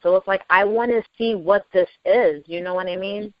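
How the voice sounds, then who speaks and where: Excitable woman gushing in casual chat. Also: mid-range voice, normal speed, no room sound. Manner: excitable, gushing, laughs often. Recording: dry lo-fi recording.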